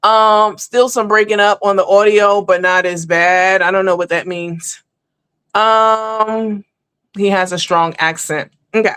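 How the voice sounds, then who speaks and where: This woman speaks at mid pitch with little pitch movement and a slightly slow pace, her tone a bit bright, clear and resonant, with no room sound. Running a live online show, she gives casual, rambling commentary at length, calling her viewers honey and baby.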